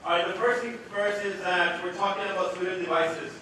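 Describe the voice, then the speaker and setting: A man's voice: high voice, a little fast, noisy background. A man giving a live product demonstration to a committee in a large meeting room, projecting his voice without a microphone and often checking that the audience is following. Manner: projecting loudly without a mic, quizzing the audience. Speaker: education technology presenter. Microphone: no mic, room recording from afar. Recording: very echoey room audio from far off.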